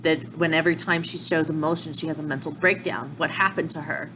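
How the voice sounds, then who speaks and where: A woman recapping manga chapters in a chatty, excitable tone, sometimes tripping over her words and restarting. Her voice sits on the low side for a woman. A faint hiss runs under the recording. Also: brisk. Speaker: manga reviewer. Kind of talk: casual recap.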